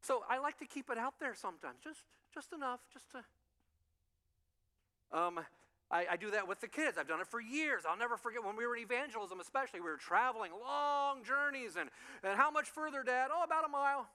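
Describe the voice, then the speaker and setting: High, bright-voiced preaching man. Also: a little fast, in a large hall. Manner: animated storytelling, acts out voices, chuckles. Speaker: pastor. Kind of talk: sermon. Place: church sanctuary.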